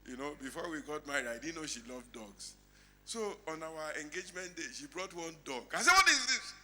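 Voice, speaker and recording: A middle-aged Nigerian man preaching a sermon as pastor, dropping to quiet asides and then shouting lines out. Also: brisk. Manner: animated preaching, swinging between low asides and shouted lines.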